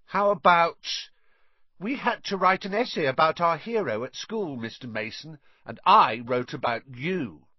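A man reading a story aloud, voicing a spoiled, overfed boy who talks in a high, drawn-out, sucking-up way. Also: expressive, dry recording, highs cut off. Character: spoiled fat boy, showing off.

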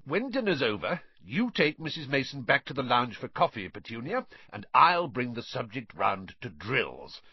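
A man's voice: medium pitch, sing-song, normal speed, hardly any pauses, husky, no room sound, highs cut off, pitched above the performer's own voice, exaggerated voice. A man reading a story aloud, voicing a nasty, bossy middle-aged uncle who barks orders and snarls.

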